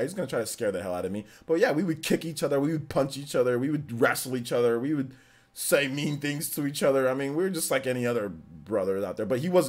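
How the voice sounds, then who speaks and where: A man hosting a casual live stream, telling stories with animated energy and breaking into shouts when excited. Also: mid-range voice. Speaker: livestream host.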